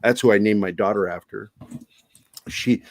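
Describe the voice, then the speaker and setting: An older man from Virginia with no regional accent, a podcast guest telling profane, animated stories in casual chat. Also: fairly low pitch, normal speed, no echo. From Virginia, USA. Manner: profane, animated storytelling with put-on voices.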